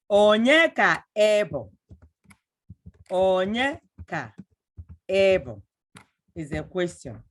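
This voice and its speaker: A middle-aged woman teaching a language lesson, slowly and patiently repeating words for her learners. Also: medium pitch.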